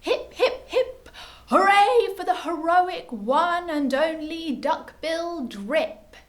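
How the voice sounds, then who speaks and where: Squealing-high joyful duckbill herd for a storybook, a woman putting them on. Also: animated, takes it slowly, heavily acted. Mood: delighted. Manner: hooting, joyful. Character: cheerful herd of plant-eating duckbill dinosaurs.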